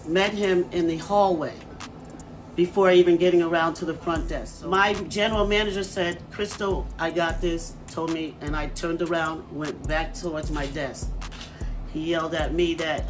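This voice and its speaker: A woman who supervises a hotel front desk, giving a personal account in an interview and pausing often with "um". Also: deep voice. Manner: halting, with frequent "um" pauses. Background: music playing under the voice.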